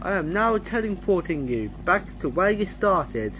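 Performer doing a slow, announcing game voice with lively pitch. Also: slight background noise, poor audio. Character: game announcer giving warnings.

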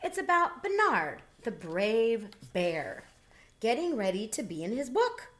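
A woman's voice: fairly high pitch, sing-song, a little slow. A woman doing a gracious storybook queen. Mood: welcoming.

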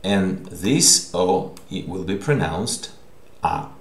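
Slow, deep-voiced gravelly male teacher. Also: lively intonation. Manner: patient and explanatory, often checking with "okay?". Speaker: language teacher. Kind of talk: recorded online language lesson. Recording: echoey room.

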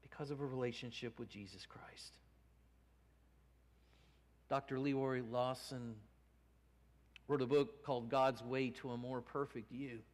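A male pastor preaching a sermon in a church, earnest, rising from hushed to emphatic. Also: medium pitch, fairly even intonation, a little slow, long pauses. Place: church sanctuary. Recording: long church reverb.

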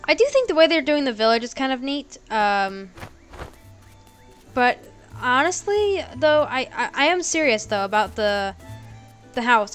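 Higher-voiced young woman, let's play commentary, sarcastic banter, soft game music underneath. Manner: playful and sarcastic, argues with game characters; laughs easily. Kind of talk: casual gameplay commentary.

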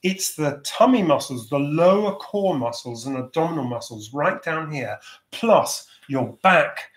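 A man leading a choir's vocal warm-up over a video call, giving gentle, encouraging instructions. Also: fairly high pitch, lively intonation, a little slow, reverberant.

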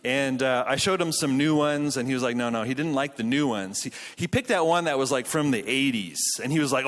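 A man in his thirties speaks from a conference stage at a mid-range pitch. He mixes jokey storytelling with earnest preaching. The tone is that of a casual but committed conference sermon. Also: fairly quick, hardly any pauses, fairly bright tone. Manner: jokey storytelling, then earnest Bible teaching. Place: conference hall.

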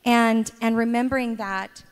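A middle-aged woman with a fairly high, steady, clear and resonant voice talks a little slowly. She's interviewed on stage in a church sanctuary, telling warm stories about her children and laughing frequently, with the church hall's long reverb around her.

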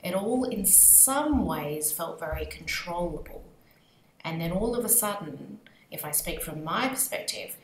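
A fairly low-voiced Australian woman talks through her experience in an earnest, reflective way. Her voice carries a roomy echo with a faint hum of ambient noise behind it. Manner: earnest, thoughtful, speaks from personal experience. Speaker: guest, leadership coach. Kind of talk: reflective interview talk.

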